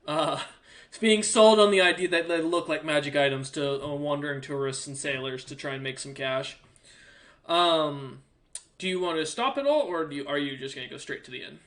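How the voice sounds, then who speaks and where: A man narrating a tabletop game as game master, halting with many fillers. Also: fairly high pitch, fairly bright tone.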